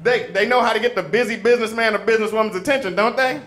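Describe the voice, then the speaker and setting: A stand-up comedian from Chicago hosting a show and telling stories with punchy timing. His voice sits high and bright, and he speaks into a handheld stage mic. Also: very fast, hardly any pauses. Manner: animated storyteller, punchy. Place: comedy stage before an audience.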